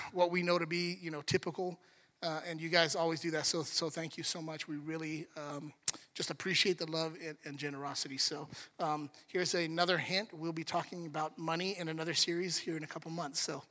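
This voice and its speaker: A man's voice: on the high side, pushed and bright, long reverb tail. A man preaching a sermon as a pastor, joking and talking conversationally with the congregation. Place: church sanctuary.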